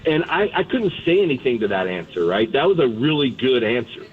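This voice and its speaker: A man's voice: mid-range voice, fairly quick, few pauses. Blunt-talking man over a tinny phone line. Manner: blunt, candid, animated retelling. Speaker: guest, former pitcher. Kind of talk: casual sports radio storytelling.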